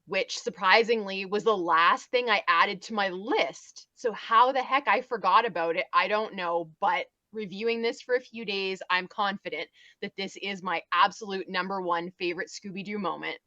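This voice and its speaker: Bright-voiced woman chatting on a podcast. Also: normal speed, no room sound, highs cut off. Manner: enthusiastic, acts out cartoon lines in higher voices. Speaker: podcast panelist. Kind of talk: casual podcast chat.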